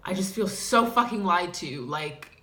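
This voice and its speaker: A woman's voice: lowish voice, animated, a little slow, fairly bright tone. A woman playing a self-pitying woman who identifies as a clown, in a comedic character vlog, sighing and ranting with dramatic outbursts. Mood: indignant.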